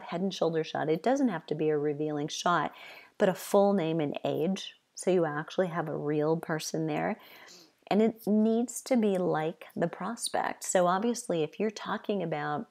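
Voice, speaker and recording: Middle-aged female coach, lowish voice, loose conversational delivery with repeated points. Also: normal speed, gravelly, a little mellow. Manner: conversational, with frequent "you know" and list-like repetition. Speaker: fitness business coach. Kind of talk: advice talk to fitness trainers.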